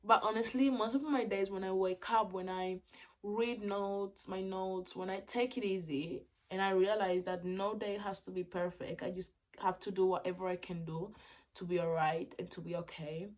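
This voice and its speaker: A young woman in her twenties records a casual vlog monologue on her phone. Spanish is her first language, and she talks in English at an ordinary pitch for a woman. She swings from loud, excited outbursts to soft, thoughtful musing. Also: normal speed. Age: 20s. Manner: expressive, swings between loud excited bursts and quiet reflective talk. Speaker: vlogger.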